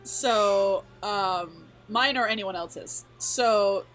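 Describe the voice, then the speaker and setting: A woman's voice: medium pitch, drawn-out words, fairly bright tone. A woman playing a tabletop game, flustered and rambling as she explains her character.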